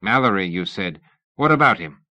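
A man's voice: on the low side, animated, moderate pace, bright, forceful tone, no room sound. A man reading an insolent, crude male agent who coughs.

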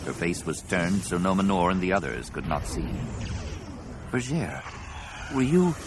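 A man narrating an audiobook in a dramatic, expressive reading. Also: sits low, brisk, background noise.

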